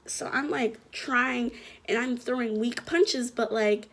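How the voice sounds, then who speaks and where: A young woman vlogger telling a story in a chatty, animated way, full of slang and fillers. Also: a little high, slow pace. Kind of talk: casual storytelling to camera.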